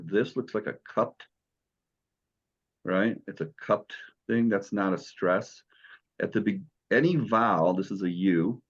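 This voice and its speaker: A man's voice: deep voice, highs cut off. A man teaching a beginners' Greek class, explaining letters and sounds patiently, step by step. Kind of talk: classroom lesson.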